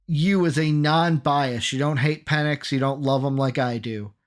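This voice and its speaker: A man co-hosting a sports podcast in casual chat, energetic, rattling off names and quizzing his co-host. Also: on the high side, normal speed.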